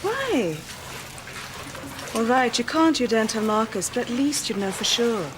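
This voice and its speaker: A firm, level-headed Spanish woman in an old TV soap. Her voice sits fairly high and stays steady. Clear noise runs under the clip. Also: measured pace. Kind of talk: 1990s TV soap acting.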